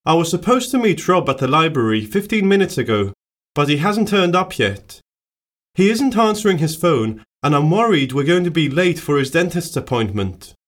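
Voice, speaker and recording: Man with a lively, slightly high voice. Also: moderate pace. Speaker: dialogue actor in a listening exercise. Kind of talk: scripted everyday dialogue.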